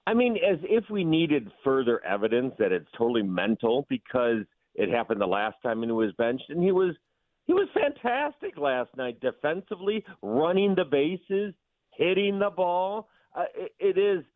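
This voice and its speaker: Animated man over a tinny phone line. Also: dry recording. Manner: animated, quick opinions, jumps in pitch. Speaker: sports radio guest. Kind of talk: sports radio banter. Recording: thin phone-line sound.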